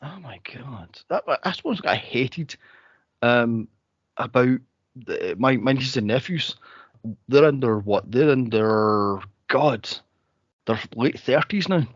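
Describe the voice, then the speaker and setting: Animated man acting out movie scenes. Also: takes it slowly, no room sound, muffled recording. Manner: animated storyteller, acts out scenes in high squeals. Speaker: podcast co-host. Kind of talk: casual movie podcast chat.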